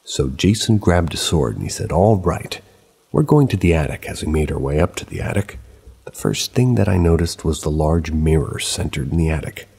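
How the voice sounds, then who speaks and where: Deep, gravelly male storyteller. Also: expressive, a little fast, darkish tone. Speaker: narrator of submitted paranormal stories. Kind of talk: scripted narration of a true scary story.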